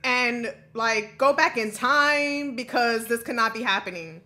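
A woman hosting an anime reaction video, talking to herself with excitable, emotional outbursts. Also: on the high side, a little slow. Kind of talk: live reaction commentary.

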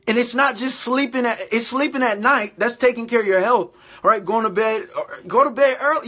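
Talking to his camera about faith, this man's voice is extremely high-pitched, brisk, and a bit bright. The faith vlogger motivates and exhorts, repeating himself and frequently asking "all right?".

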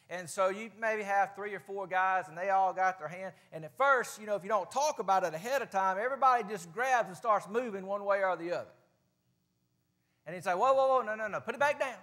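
A man with a Southern US accent delivers a sermon in a church, his voice sitting high for a man. He talks in a folksy, plain-spoken way, rising to loud stretches and then dropping to a hush. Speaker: preacher. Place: church sanctuary.

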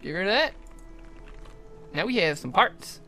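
A young adult livestreamer giving jokey, excitable commentary while playing, often talking to the game's characters. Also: medium pitch, measured pace, over loud music. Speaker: gaming livestreamer. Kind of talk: live gameplay commentary.

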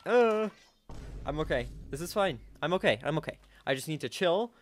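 Excitable high-voiced young gamer. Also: male voice, fast, a little hiss or hum. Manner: excitable, jumps into high-pitched outbursts, talks to himself. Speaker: gaming channel host. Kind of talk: casual gameplay commentary. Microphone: desk microphone.

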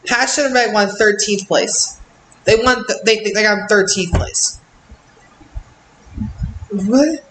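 A man's voice: high voice, slow, long pauses, a bit bright, slight background noise. A young man hosting a reaction channel, ranting bluntly and repeating himself in exasperation. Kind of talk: casual reaction rant. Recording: echoey room with faint ambience.

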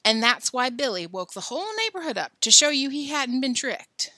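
A woman's voice: sits high, big pitch swings, moderate pace, sharp tone, dry recording, clean studio sound, voice pushed up, exaggerated voice. A woman voicing a stern father lecturing his son in firm, clipped lines during a storybook reading.

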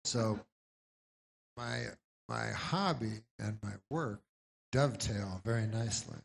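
A man doing a stand-up comedy set with a rambling, deadpan delivery full of meandering asides. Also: fairly low pitch, slow, vocal fry, husky.

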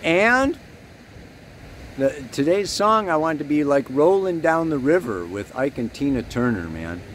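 A man's voice: on the high side, very animated, a little slow, a little hiss or hum. A man giving a rambling, earnest spiritual astrology talk, leaning hard on key words.

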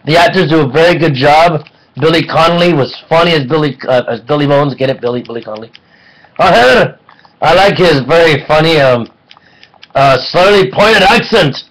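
A man giving a casual online film review, excitable and rambling, with jokes between points. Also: on the high side, normal speed, rough recording.

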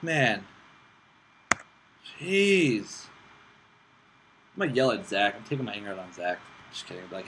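A young man hosting casual gameplay commentary, excitable and self-mocking, swearing often while playing on a laptop with friends nearby. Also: a little high, slow pace, pauses often, poor audio. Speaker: gaming channel host. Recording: steady background noise with mouse clicks.

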